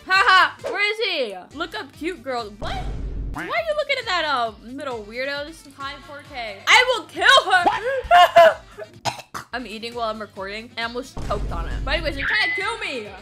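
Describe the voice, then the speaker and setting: A young woman giving casual gameplay commentary, playful and shouty, laughing often. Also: high voice, big pitch swings, brisk. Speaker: gaming YouTuber. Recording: background music.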